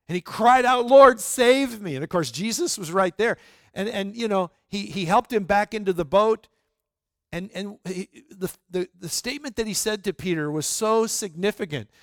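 A man's voice: high voice, no echo, clean studio sound. A man pastor preaching a sermon in a conversational way, asking his listeners rhetorical questions and restarting his sentences often.

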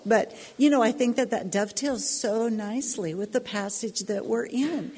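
Earnest woman Bible teacher with a breathy voice, recorded with long hall reverb. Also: a little high, a little mellow. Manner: earnest, personal, slows down to stress points.

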